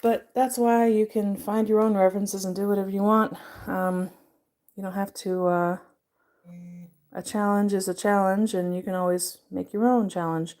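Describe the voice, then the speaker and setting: A woman's voice: mid-range voice, steady tone, normal speed, darkish tone. A woman showing her art journal in a casual, rambling vlog, chatty and self-amused. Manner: chatty, rambling, laughing at herself. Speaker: artist and video maker. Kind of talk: casual show-and-tell vlog.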